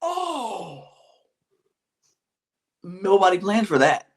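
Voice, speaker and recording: In a very animated, mid-range voice, a podcast co-host runs through a reality show recap in easygoing chat. Other people's lines get acted out, some in whispers, along with long, drawn-out colloquial exclamations.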